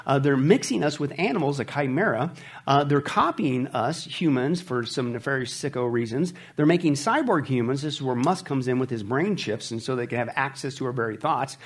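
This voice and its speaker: A man hosting an opinionated commentary show, his voice at a middle pitch. He talks emphatically and preachily, calling his listeners folks as he drives his points home. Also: lively intonation, brisk, slightly rough.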